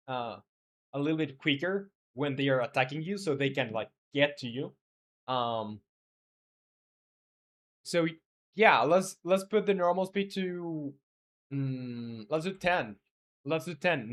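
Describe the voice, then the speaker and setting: A man's voice: fairly high pitch, a bit bright, slight background noise. Rambling man streaming game development. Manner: rambling, reads chat aloud, many fillers. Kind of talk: casual live-stream chat.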